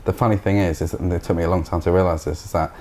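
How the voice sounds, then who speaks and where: Deep-voiced, fast-talking man, reflective. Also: fairly even intonation, dark tone, slight background noise. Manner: reflective, thoughtful. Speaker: guest. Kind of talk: casual spiritual conversation.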